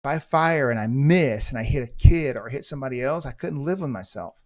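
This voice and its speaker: He has a mid-range voice and an animated, fairly quick delivery. The speaker is a middle-aged American ex-police officer hosting a podcast, and he tells his story as a monologue that's blunt, intense, and profane.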